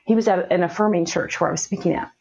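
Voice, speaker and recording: A woman's voice: fairly low pitch, racing, vocal fry, darkish tone. A middle-aged woman telling a personal story in conversation, earnest, with many restarts. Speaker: guest. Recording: slightly dull lo-fi sound.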